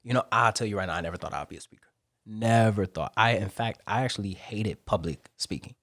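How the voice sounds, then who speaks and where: A man, a Marine, telling stories as a guest on a podcast interview in an animated way. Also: lowish voice, dry recording, studio quality. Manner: animated, rapid storytelling.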